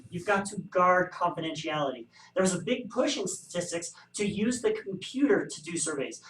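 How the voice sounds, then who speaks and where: A man's voice: high-pitched, a bit bright. A man teaching a statistics class, explaining survey bias with wry, joking asides. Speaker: statistics instructor. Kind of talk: recorded classroom lecture. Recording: echoey room, distant mic.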